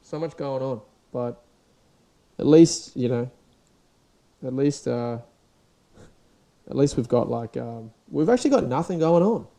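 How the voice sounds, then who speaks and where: A man's voice: mid-range voice, lively intonation, a little slow, gravelly, pauses often, mellow. A young Australian man hosting a podcast, rambling and swearing in a casual solo rant, his voice sore and dried out. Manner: rambling, sweary, restarts often. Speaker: podcast host.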